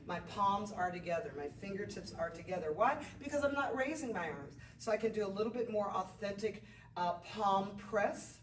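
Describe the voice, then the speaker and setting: A woman's voice: mid-range voice, lively intonation, moderate pace, recorded from a distance, background noise. A woman yoga instructor guiding a beginner class, chatty and encouraging as she calls out breath cues. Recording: roomy, off-mic with faint ambience.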